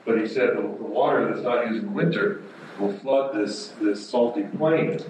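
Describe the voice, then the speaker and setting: A man making a public comment as a visitor at a meeting, hesitant and full of pauses and restarts. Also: mid-range voice. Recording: roomy hall, distant mic, clear noise.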